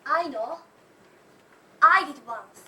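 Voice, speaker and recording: A young woman playing a wry wife leaving her husband in an amateur stage play, calm and matter-of-fact. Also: high voice, slow pace, heavily acted. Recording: echoey theatre from far off.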